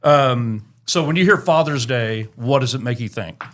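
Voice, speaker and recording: A man's voice: mid-range voice, moderate pace, fairly bright tone. Joking middle-aged male podcast host. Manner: joking, teasing, tells dad jokes. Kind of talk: casual interview chat.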